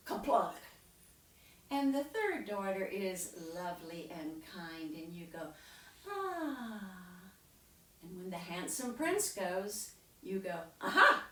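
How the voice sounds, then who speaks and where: Woman storyteller leading a slow, animated tale. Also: lowish voice. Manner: animated, leads the audience in sound effects. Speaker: children's storyteller and singer. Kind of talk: live storytelling with audience participation. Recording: roomy, distant live recording.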